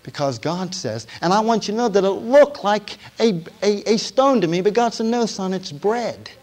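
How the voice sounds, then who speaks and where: A man giving a sermon testimony to a congregation, telling his story in a storytelling way that drops to a hush and then rises to emphasis. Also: sits high, animated, normal speed. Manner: storytelling, swinging from hushed to emphatic.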